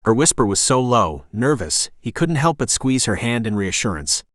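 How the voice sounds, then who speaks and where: A man's synthetic voice reading a romance novel as audiobook narration, smooth and even in delivery. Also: mid-range voice, normal speed, dry recording, clean studio sound. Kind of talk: scripted narration.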